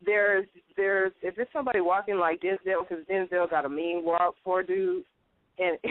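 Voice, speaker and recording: A woman co-hosting a casual chat show, telling animated stories and acting out quotes in higher voices. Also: no room sound. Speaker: co-host. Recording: tinny phone-like line, dry.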